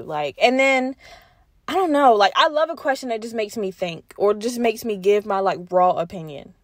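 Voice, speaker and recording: Candid young woman host, high dry voice. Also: moderate pace, no room sound. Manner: candid and expressive, swears freely, talks straight to listeners as "y'all". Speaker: podcast host. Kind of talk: casual solo podcast storytelling.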